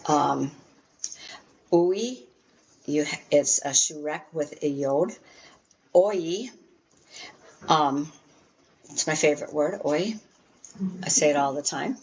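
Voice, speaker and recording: A woman teaching an introductory Hebrew class from a textbook, explaining step by step and filling pauses with "um". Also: low voice, a little mellow, rough recording. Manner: frequent "um" fillers, patient step-by-step explaining.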